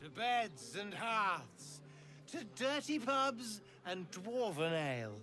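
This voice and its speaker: An actor playing a hopeful young adventurer who speaks wistfully of a settled life. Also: male voice, sits high, sing-song, slow, sharp tone, faint music behind, heavily acted.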